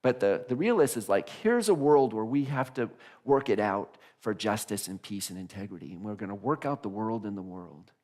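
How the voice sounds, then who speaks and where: A male minister giving a conversational sermon in a church, animated, often restarting phrases and laughing. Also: lowish voice, moderate pace. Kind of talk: casual sermon. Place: church sanctuary.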